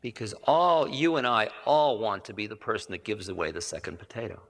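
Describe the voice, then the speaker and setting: A man's voice: on the low side, a little fast, a bit bright. A man giving a spiritual storytelling lecture in a rambling, conversational way, correcting himself and adding asides. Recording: reverberant 1980 hall recording.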